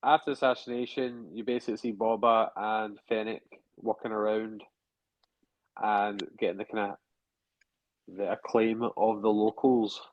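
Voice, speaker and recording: A man's voice: fairly low pitch, flat delivery, normal speed, no echo. A man co-hosting a casual review podcast, chatty and hedging as he thinks aloud. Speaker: podcast co-host. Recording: dull lo-fi dry sound.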